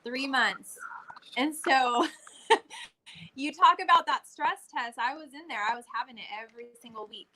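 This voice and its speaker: A woman's voice: sits high, expressive, normal speed, sharp tone, poor audio. A young adult woman chatting casually, recounting her experience in an earnest, reflective way. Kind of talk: casual chat.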